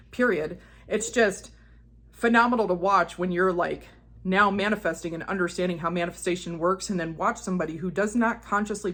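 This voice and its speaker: A woman's voice: fairly low pitch, fairly bright tone. A woman manifestation coach talking in a casual monologue, blunt and profane, telling stories with acted-out quotes.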